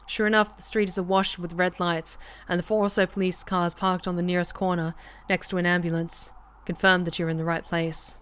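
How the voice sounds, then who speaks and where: Brief: woman streamer, slightly low voice, reads game narration aloud, chatty, quick to react out loud. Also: clear, resonant tone. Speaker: streamer playing a story game. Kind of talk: reading a game aloud to a live chat.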